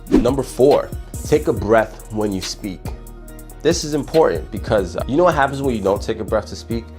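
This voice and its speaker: A man with a fairly low voice delivers profane confidence and dating advice straight to the listener. His delivery jumps between loud, punchy bursts and slower, quieter stretches. Faint music plays underneath. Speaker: dating coach. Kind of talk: motivational advice monologue.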